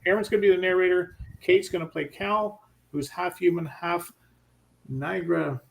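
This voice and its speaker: Brief: middle-aged male host, slightly high voice, chatty and self-deprecating. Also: steady tone, normal speed, creaky. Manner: laughing, stumbling over names. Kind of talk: casual livestream chat.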